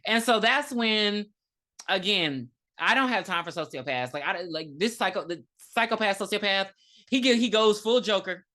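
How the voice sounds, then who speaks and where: Animated woman recapping a movie, bright tone. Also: mid-range voice, normal speed. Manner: animated, profane storytelling with acted quotes. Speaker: podcast co-host. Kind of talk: casual movie review chat.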